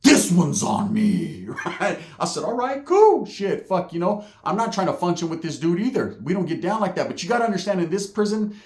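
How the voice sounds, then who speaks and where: A man's voice: high voice, big pitch swings, a little fast, hardly any pauses, a little mellow, echoey room. A man from California telling a prison story in casual street slang, full of profanity and "right?" asides. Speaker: storyteller recounting prison life.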